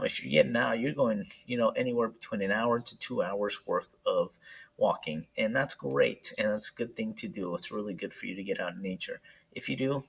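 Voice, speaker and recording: Husky low-voiced male teacher. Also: rough recording. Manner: relaxed, explanatory, many fillers. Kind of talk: recorded homework instructions.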